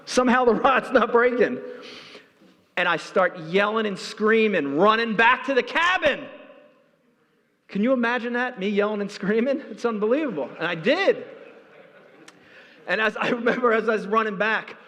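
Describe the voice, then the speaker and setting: A man giving a conference talk, telling a story with energy, and his voice jumps high when he gets excited. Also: moderate pace. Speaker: keynote speaker. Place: large hall. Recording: reverberant hall.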